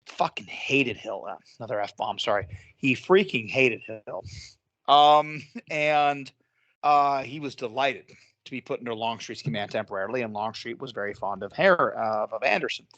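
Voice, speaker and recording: Excited guy talking history, swears a bit, very dry close sound. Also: mid-range voice, moderate pace, dry recording, highs cut off. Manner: enthusiastic, swears, laughs often. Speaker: podcast co-host. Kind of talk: casual history chat.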